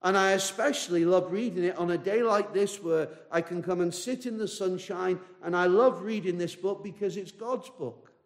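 Story figure: a sincere young girl, soft and hesitant, put on lightly by a male preacher. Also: high voice, normal speed, few pauses, big-room sound. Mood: earnest. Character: young girl reading a Bible, polite and sincere.

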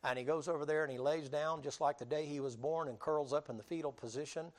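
A man preaching a sermon, telling the story in a lively, colloquial way and acting out the people he quotes. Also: a little high, quick pace. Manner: animated storytelling with colloquial drawl, dramatic quoted voices, laughs.

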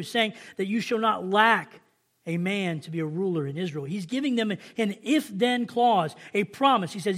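Southern male preacher with a high voice, slow emphatic scripture reading, easy asides to his congregation. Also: expressive, a bit bright. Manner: reads scripture slowly and emphatically, then chats with the congregation. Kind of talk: sermon.

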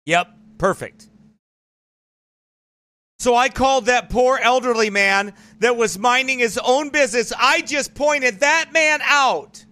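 A man's voice: extremely high pitch, unhurried, bright, forceful tone. A male pastor preaching in a combative, mocking, emphatic way. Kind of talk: fiery preaching broadcast.

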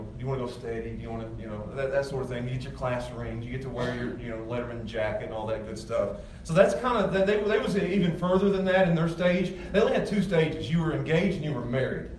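A man's voice: mid-range voice, a little mellow. Guy pastor preaching, kinda chatty and emphatic, echoey room, faint background hum. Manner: conversational, emphatic preaching with repeated restarts. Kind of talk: sermon. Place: church sanctuary with congregation. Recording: echoey room, far from mic, faint ambience.

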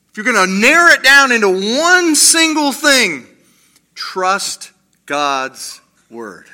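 A man delivering a sermon in a high, bright, sharp-edged voice. His pitch swings widely as he acts out the voices he quotes. He slows to a hush on the lines he wants to land. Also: very animated. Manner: drops to slow quiet emphasis on key lines. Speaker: pastor.

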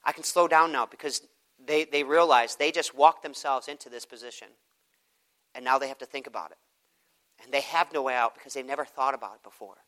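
A man teaching a group how to evangelize, acting out street conversations in his lively teaching talk. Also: medium pitch, a little fast. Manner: animated, acts out both sides of conversations.

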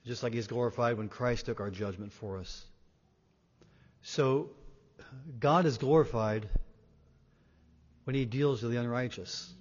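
A man preaching a sermon, emphatic, swinging between loud and quiet and repeating words for weight. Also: mid-range voice, normal speed, pauses often. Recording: dull sound in a reverberant hall.

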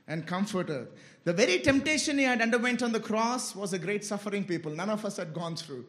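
A man preaching a sermon with great passion, swinging between loud, high exclamations and low, quiet asides, often telling listeners to listen carefully. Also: expressive, brisk.

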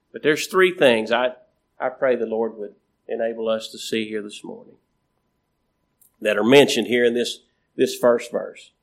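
A man preaching a sermon in a slow, repetitive cadence, with emphatic rises and phrase endings that trail off quietly. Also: medium pitch, vocal fry.

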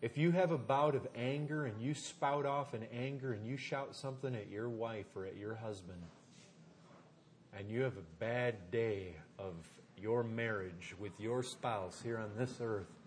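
Over slight background noise, a pastor gives a sermon in a conversational style. He calls his listeners folks, asks them rhetorical questions, and frequently goes low and quiet for emphasis.

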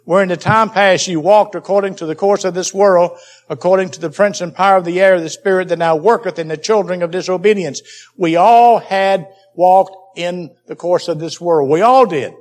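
A man's voice: high-pitched, moderate pace. A man preaching a Bible teaching sermon, emphatic and repeating key phrases for stress.

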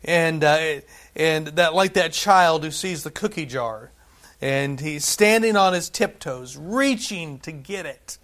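A man preaching a sermon in a conversational way, often checking in with "right?" and dropping from loud to hushed. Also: on the high side, slow. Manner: conversational, frequent "right?" asides, swings between loud and hushed.

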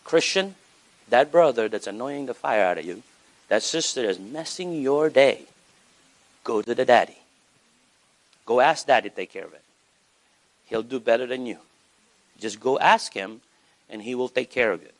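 A man preaching a sermon as pastor, animated, with wide swings in pitch for emphasis. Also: moderate pace, long pauses.

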